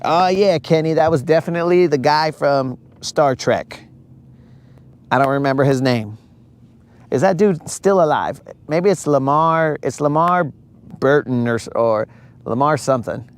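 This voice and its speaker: A man's voice: fairly high pitch, unhurried. A man hosting a live fishing stream from a boat outdoors, chatting casually and bantering jokingly with his viewers.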